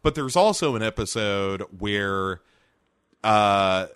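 A man's voice: fairly low pitch, slow pace, smooth, no room sound, studio quality. A man co-hosting a casual podcast chat, recapping an episode and acting out scenes in little voices. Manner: animated, acts out scenes in voices. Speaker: podcast co-host.

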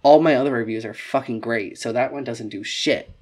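A young woman chatting casually as a podcast co-host, animated and swearing a lot as she tells stories. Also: brisk, husky. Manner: animated storytelling, swears a lot, acts out quotes in a high voice. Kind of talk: casual chat.

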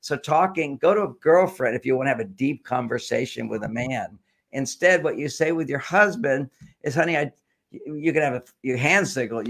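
A man's voice: mid-range voice, moderate pace, creaky, a bit bright. An older man, a guest author, explaining relationship ideas with generalizations and stories in a talk show interview.

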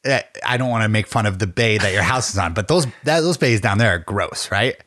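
A man's voice: lowish voice, expressive, a little fast, fairly bright tone. A man co-hosting a podcast, chatting casually, teasing his friend and swearing freely. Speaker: podcast co-host. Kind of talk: casual chat.

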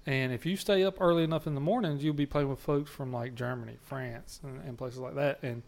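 A man's voice: mid-range voice, steady tone, a little fast, vocal fry, a little mellow. A man co-hosting a podcast, telling stories in a casual, profane, laid-back way and laughing often. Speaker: podcast co-host. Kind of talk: casual chat.

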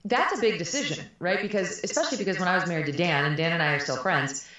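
A woman's voice: fairly low pitch, animated, fast talker, a bit bright. A middle-aged woman speaking frankly and animatedly as an interview guest, laughing often. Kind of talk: candid conversational interview. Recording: very echoey room.

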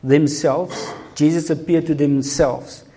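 Energetic man preaching. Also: fairly high pitch, takes it slowly. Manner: switches between English and Afrikaans, energetic and emphatic. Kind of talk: sermon.

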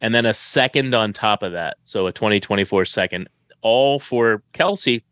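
Male co-host, casual rambling delivery, lowish voice, dry close sound. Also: lively intonation, normal speed, a bit bright, no echo. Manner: rambling, self-correcting, upbeat. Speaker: fantasy football podcast co-host. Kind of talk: casual chat.

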